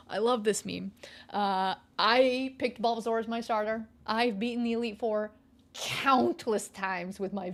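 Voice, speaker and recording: A young woman streaming a video game, chatting playfully with her live chat and thinking aloud as she plays. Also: medium pitch. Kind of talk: casual gameplay commentary to a live chat.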